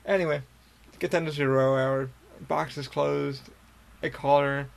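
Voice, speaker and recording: A man's voice: a little high, steady tone, measured pace, gravelly. A young man hosting a podcast, telling a long casual story in a rambling, profane way full of fillers and restarts. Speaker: podcast host.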